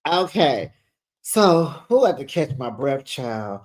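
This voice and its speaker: A man's voice: medium pitch, very animated, slow. A middle-aged man chatting through a reality TV recap in a gossipy way, talking into a screened studio microphone in his home office. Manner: chatty, gossipy, calls viewers child and besties. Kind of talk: casual recap commentary. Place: home office with sound panels, door closed. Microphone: studio microphone with pop screen.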